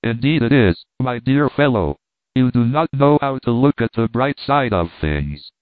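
A man's voice: medium pitch, lively intonation, measured pace, dry recording, close to an everyday voice. A man voicing a cheerful, teasing French reporter, heard over a tinny, dry, phone-like recording. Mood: jovial.

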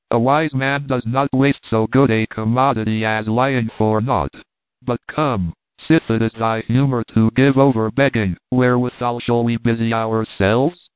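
A man's voice: medium pitch, dry recording, close to an everyday voice. A man doing a scoffing young vagabond thief. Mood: mocking. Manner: bullying, scoffing. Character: rough young male vagabond thief, scheming and mocking. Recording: dry, phone-like narrow sound.

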